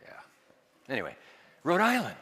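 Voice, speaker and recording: A man preaching a sermon as pastor, quizzing his congregation and dropping to hushed asides. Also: fairly high pitch, wildly swooping pitch, unhurried, in a large hall, noisy background.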